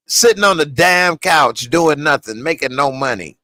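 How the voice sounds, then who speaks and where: A man reviewing a TV episode in casual, slangy reaction commentary, animated and laughing often. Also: on the high side, moderate pace, few pauses, dry recording.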